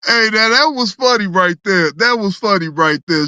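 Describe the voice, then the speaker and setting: Excitable, laughing reaction host, bright dry tone. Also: medium pitch, normal speed, no echo, lo-fi sound. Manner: excitable, laughs often, repeats words, exclaims; teasing, joking with chat viewers. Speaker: reaction channel host reading chat. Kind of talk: casual reaction commentary.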